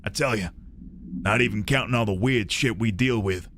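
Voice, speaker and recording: A British man voicing a gruff American office worker in a put-on Texan accent, reading a memo aloud in a low drawl. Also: moderate pace, background noise, natural voice. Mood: grumbling.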